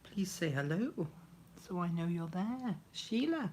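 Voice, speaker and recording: An older woman hosting a casual craft live stream, chatty and greeting viewers by name, her voice dropping to soft murmurs as she works. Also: fairly low pitch, very animated, unhurried, slight background noise.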